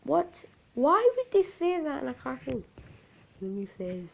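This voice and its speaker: A woman telling an amateur creepypasta story in a halting, repetitive, unpolished way. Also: high-pitched, sing-song, gravelly, a little hiss or hum.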